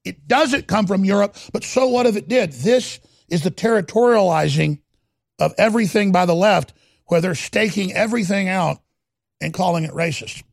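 A man hosting a talk radio show, delivering a heated, ranting monologue that swings between loud and quiet. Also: high voice, normal speed, vocal fry, no room sound, clean studio sound.

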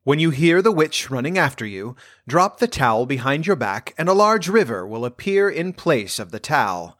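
A man's voice: on the high side, very animated, a bit bright, no echo, studio quality. Storybook black cat, male, grave and helpful, voiced by a man in his own plain voice. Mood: serious. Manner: earnest, measured.

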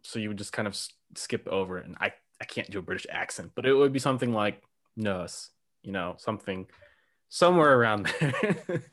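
A man hosting a podcast interview. He talks in a relaxed, curious way and often says "um.". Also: fairly low pitch, quick pace. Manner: relaxed and curious, with "um" and light laughs. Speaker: podcast host. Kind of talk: casual interview chat.

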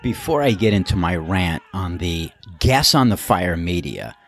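Heavy background noise surrounds this low, unhurried voice of a golf course starter. He tells a story in an easygoing monologue, acting out the voices of those in it with animation.

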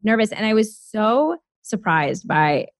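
A woman in her thirties, a guest on a podcast, telling her story in a chatty, animated way with lots of fillers. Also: medium pitch, unhurried, dry recording, clean studio sound. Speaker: guest, former lawyer. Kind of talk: casual podcast conversation.

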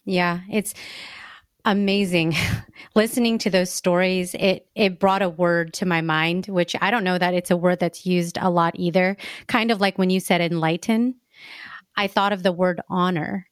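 A woman hosting an interview, responding in a slow, reflective and affirming way. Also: fairly low pitch, steady tone, smooth, no room sound, studio quality. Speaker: interview host. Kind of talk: conversational interview.

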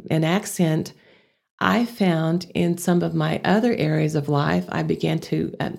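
A woman's voice: on the low side, vocal fry, darkish tone. An older woman from Amarillo with a Texas accent, a guest telling her story earnestly in a casual interview.

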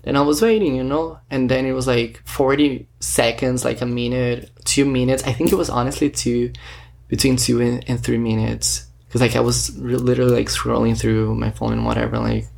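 Guy rambling into his camera, lots of likes and you knows, creaky gravelly voice. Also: mid-range voice, little pitch movement, normal speed, a little mellow. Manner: rambling, filler-heavy, retells talks with quoted dialogue. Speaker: vlogger. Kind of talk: casual storytelling monologue. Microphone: self-recorded camera or phone.

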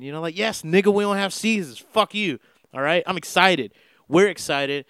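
Rambling profane young man, smooth voice. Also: a little high, fast talker, fairly bright tone, dry recording, clean studio sound. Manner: profane, heavy filler words, meandering. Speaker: podcast host. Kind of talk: casual rambling monologue.

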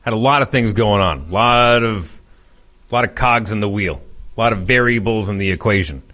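Speaking at a normal pace in a fairly low voice, a man in his forties who hosts a morning radio show spins a story. His telling is relaxed and lively, complete with impressions of each character.

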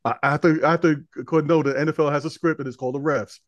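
A man with a fairly high voice talks very fast, tumbling over his words as he bantering about football and betting. He is dry and close on the mic, and his delivery is animated and a little conspiratorial. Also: dry recording. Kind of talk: casual sports talk.

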